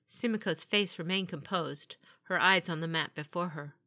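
A woman narrates a fantasy audiobook in a steady, even storytelling manner. Her voice sits slightly low yet sounds bright and crisp. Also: normal speed, few pauses.

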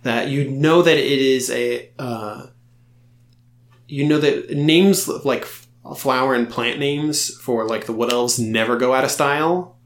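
A man running a tabletop game as game master, teasing his players and halting often with fillers. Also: medium pitch. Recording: roomy echo.

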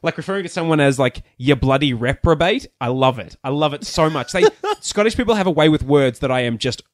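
A man's voice: on the high side, animated, fast talker. A man co-hosting a podcast, chatting casually and rambling through stories with lots of asides. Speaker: podcast co-host. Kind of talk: casual chat.

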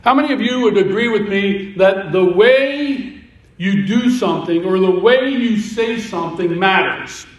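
A man's voice: high voice, animated, unhurried. A man preaching a sermon as pastor, in a conversational way with repetitions and asides. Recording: echoey room, voice from a distance.

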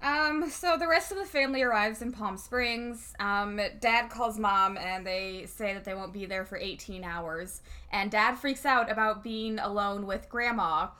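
A woman's voice: medium pitch, sharp tone. A woman co-hosting a casual recap chat, blunt and sarcastic, swearing freely and laughing often. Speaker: podcast co-host.

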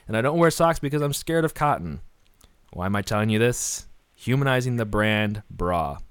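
Male podcast host, sarcastic and deadpan, lively pitch, dry close mic. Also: normal speed, clean tone, dry recording. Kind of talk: comedy podcast ad reading.

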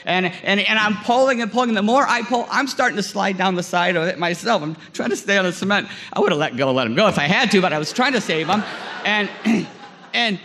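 A man in his forties telling a lively story in a sermon, acting out scenes with many fillers. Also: high voice, brisk, long reverb tail, a little hiss or hum. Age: 40s. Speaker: guest chapel speaker.

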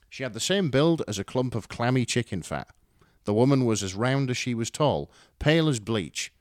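A man narrating a fan story with a dramatic, wry delivery. His voice sits on the low side yet moves very expressively. The recording is close and dry. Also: no room sound. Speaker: story reader. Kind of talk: expressive fan fiction reading.

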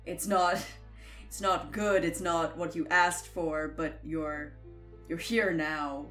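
A woman voicing a sheepish man who haltingly pleads for help. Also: fairly low pitch, fairly even intonation, fairly bright tone, faint music behind. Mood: pleading. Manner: earnest, halting.

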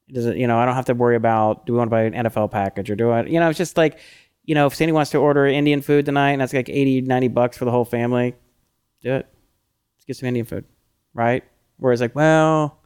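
A middle-aged man talks loosely on a podcast, full of fillers and little quoted asides. His voice is smooth and clear, sitting at an ordinary pitch for a man. He sounds relaxed and chatty. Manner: chatty, lots of fillers, animated when quoting himself. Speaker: podcast co-host. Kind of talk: casual chat.

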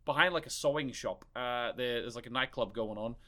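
A man's voice: medium pitch, brisk, sharp tone. A man co-hosting a podcast in casual, rambling chat, swearing freely. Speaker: podcast co-host.

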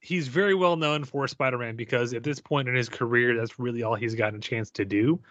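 An opinionated man co-hosting a casual podcast chat. His voice is bright and forward, recorded very dry and close. He slips into playful mock rants. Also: medium pitch, a little fast, no room sound, muffled recording. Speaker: podcast co-host.

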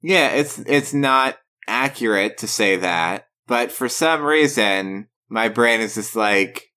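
A young man co-hosting a podcast, chatting casually in an unhurried, deadpan way and swearing now and then. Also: medium pitch, smooth. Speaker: podcast co-host. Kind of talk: casual chat.

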